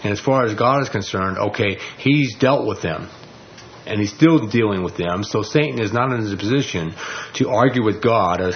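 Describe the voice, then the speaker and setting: A man with a lowish voice walks through a Bible passage verse by verse at a moderate pace, keeping it conversational and checking in often with "okay?". The audio is dull with slight background noise.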